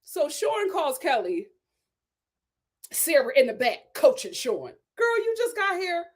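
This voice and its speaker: A woman's voice: sits high, unhurried. A woman hosting a reality TV recap, talking casually and sassily, laughing and acting out the people she quotes. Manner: sassy, animated, laughing, acts out quotes.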